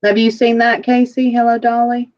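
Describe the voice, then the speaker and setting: A woman hosting a casual online jewelry sale, chatty and quick to laugh, describing items with lots of fillers. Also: on the high side, flat delivery, darkish tone. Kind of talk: casual livestream chat. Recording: dull lo-fi livestream audio.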